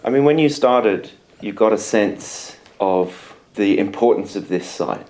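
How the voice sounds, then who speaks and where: A male host gently asking encouraging questions in a casual interview. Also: on the low side, a little slow.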